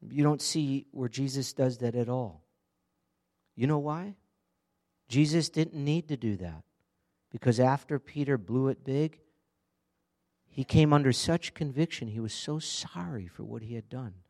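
A man's voice: medium pitch, a little slow, pauses often, warm tone. Earnest man preaching a sermon. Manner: earnest, conversational preaching with direct questions to listeners. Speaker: pastor.

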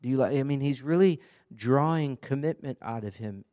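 A man's voice: medium pitch, normal speed, warm tone. A man preaching an earnest, conversational sermon, often asking the congregation direct questions. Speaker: pastor.

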